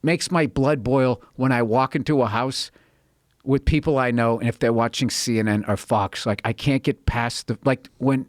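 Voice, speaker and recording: A man who is a guest comedian, ranting in casual podcast chat, animated and profane, and slipping into mocking voices. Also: medium pitch, moderate pace, no room sound, clean studio sound.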